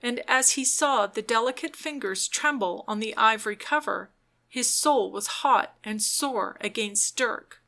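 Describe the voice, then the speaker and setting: A woman narrating an audiobook in a measured, unhurried way. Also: on the high side, bright, forceful tone. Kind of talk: scripted narration.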